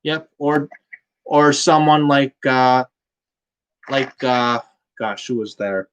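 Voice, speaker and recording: A man's voice: mid-range voice, slow pace, a bit bright, clean tone, lo-fi sound. A man hosting a casual wrestling review, blunt and fond of swearing, with "man" tacked onto many lines. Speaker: podcast host.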